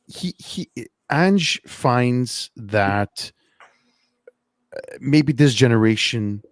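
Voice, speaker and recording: Animated man telling stories on a podcast. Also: lowish voice, no echo. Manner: animated storyteller, laughs often, repeats words. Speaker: podcast co-host. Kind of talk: casual podcast chat, storytelling. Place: Montreal.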